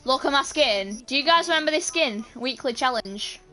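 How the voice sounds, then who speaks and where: A young British woman streaming a team game and chatting with her teammates, with sudden shouts and playful swearing. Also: high voice, expressive, normal speed, faint music behind. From Britain. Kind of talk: live gameplay chat.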